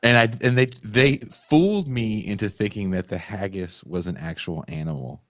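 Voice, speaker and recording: A man co-hosting a podcast, telling animated stories in casual chat and swearing freely. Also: on the low side, normal speed, a little hiss or hum. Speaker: podcast co-host.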